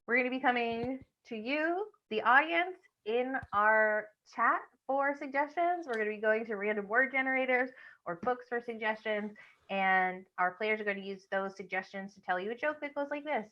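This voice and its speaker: A woman's voice: a little high, normal speed, lo-fi sound. A woman hosting an online improv show over a video call, with upbeat emcee patter.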